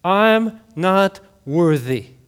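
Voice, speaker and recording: A man quoting a frail elderly woman in a nursing home, speaking quietly and haltingly. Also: high-pitched, expressive, clear, resonant tone, heavily acted. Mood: hesitant.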